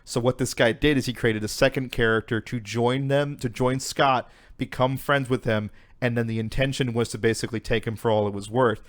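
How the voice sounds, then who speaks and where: Animated young man telling a story. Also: medium pitch, fairly quick, hardly any pauses. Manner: animated retelling, heavy swearing and fillers. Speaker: podcast co-host. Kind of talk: casual chat, storytelling.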